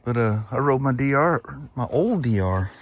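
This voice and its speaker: Speaking at a medium pitch and normal speed, this middle-aged man sounds animated, though the recording is muffled. He's out on a rural road with a wireless clip-on mic, rambling folksily through a casual vlog in a Pacific Northwest American accent.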